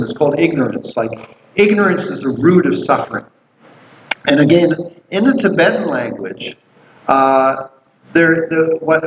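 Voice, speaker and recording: Man teaching a buddhism class, rambling storyteller, roomy sound, dull faint-hiss recording. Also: fairly high pitch. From Canada. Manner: rambling, storytelling, many restarts and fillers. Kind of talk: casual dharma class teaching.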